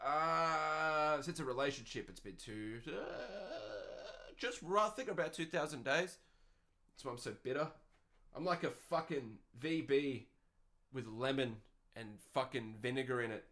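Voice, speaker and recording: Ranting Australian man, slightly high voice. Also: unhurried, bright, forceful tone. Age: 20s. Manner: profane, ranting and sardonic. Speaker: podcast host. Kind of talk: casual podcast rant.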